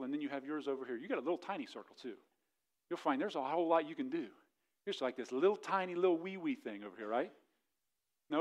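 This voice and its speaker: A young adult man preaching a sermon as a pastor, building to loud impassioned passages and then easing into a soft prayerful close. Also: on the high side.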